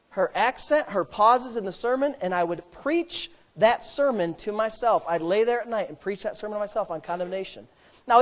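Starting with simple storytelling, this middle-aged pastor's sermon swells into loud, emphatic proclamations, delivered in a high-pitched voice.

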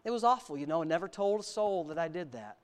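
Fast and animated, this man's voice sits on the high side. He is an American pastor sharing a frank testimony from the pulpit, shifting between jokes at his own expense and earnest narrative.

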